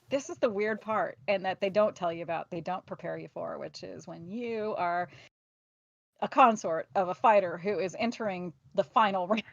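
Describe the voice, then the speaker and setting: A woman's voice: medium pitch, no echo. Frank woman on a dull, dry recording. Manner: lively, frank, laughs often, acts out quotes. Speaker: podcast host. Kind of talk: casual chat.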